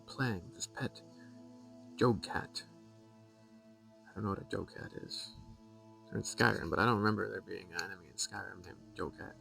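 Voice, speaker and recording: A man's voice: lowish voice, gravelly, a bit bright, far from the mic, rough recording. A man streaming a game, reading a book from it aloud and breaking off into amused, rambling asides.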